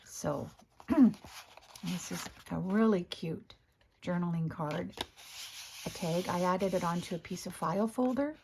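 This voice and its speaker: A woman with a hoarse morning voice, chatting casually as she shows her craft work, often clearing her throat and correcting herself. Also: lowish voice, a little slow, pauses often, noisy background. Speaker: craft video host. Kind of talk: casual crafting show-and-tell.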